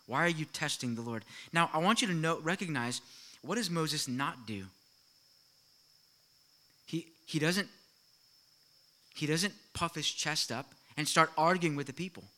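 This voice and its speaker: A middle-aged man preaching a sermon to his congregation, animated and full of rhetorical questions and quick asides. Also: on the high side. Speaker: pastor.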